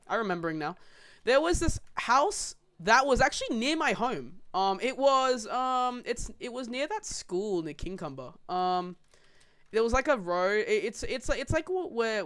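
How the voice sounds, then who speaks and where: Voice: mid-range voice, fairly bright tone. A young person casually rambling through a story on a podcast, swearing freely and laughing along. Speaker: podcast co-host.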